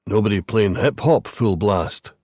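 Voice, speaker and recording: Guy reading a low-voiced, blunt old-school cop, dry and wry, close dry mic. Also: measured pace, darkish tone, dry recording. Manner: terse and wry. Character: dry, blunt veteran male police detective.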